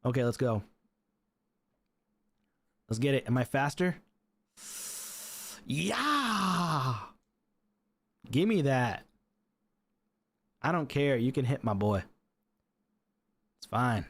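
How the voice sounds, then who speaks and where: A man commentating his own live game stream, chatty and excitable, laughing often and talking to his viewers. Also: mid-range voice, takes it slowly, long pauses.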